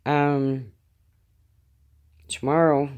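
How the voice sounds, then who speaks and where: A middle-aged woman at home, in pain after arm surgery, rambling through a casual spoken diary with many halting fillers. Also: sits low, fairly even intonation, a little mellow, lo-fi sound. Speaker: vlogger.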